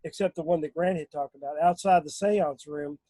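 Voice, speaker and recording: A man talking casually in a remote group discussion, halting, with many fillers and restarts. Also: on the high side, steady tone, warm tone, no echo, low-quality recording. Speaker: guest on a paranormal discussion.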